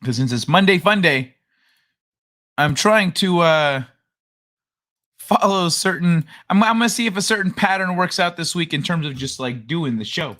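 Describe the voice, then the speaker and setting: Male livestream host, high and animated, jokey and rambling with viewers. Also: measured pace, pauses often. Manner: rambling, jokey, greets chatters by name. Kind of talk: casual livestream chat.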